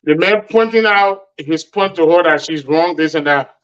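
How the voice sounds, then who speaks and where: A man's voice: a little high, moderate pace, a bit bright, smooth, lo-fi sound. A man on a radio talk show who questions the pastor animatedly and acts out quoted speech. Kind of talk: radio call-in discussion.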